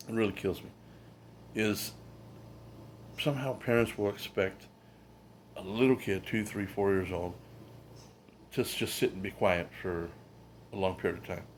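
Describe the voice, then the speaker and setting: A man's voice: lowish voice, a little mellow, slight background noise. A man giving a casual, rambling monologue with plenty of fillers and asides. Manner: conversational, lots of fillers and asides, acts out quotes. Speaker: channel host.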